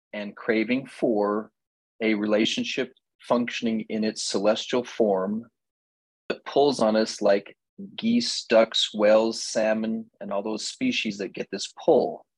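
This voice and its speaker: A man's voice: fairly low pitch, slightly rough, no echo, low-quality recording. A man teaching a marriage class, telling stories and acting out both sides of talks with his wife. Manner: animated storytelling, acting out dialogue with his wife. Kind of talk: lecture to a class.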